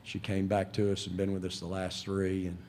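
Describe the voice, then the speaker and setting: A man's voice: sits low, completely flat delivery, fairly quick, a little mellow, slight background noise. A male head coach, speaking proudly and emotionally at a postgame press conference.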